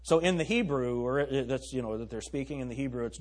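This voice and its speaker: Pastor, middle-aged man, husky and lively, emphatic sermon with questions to the congregation. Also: medium pitch, fast talker, few pauses.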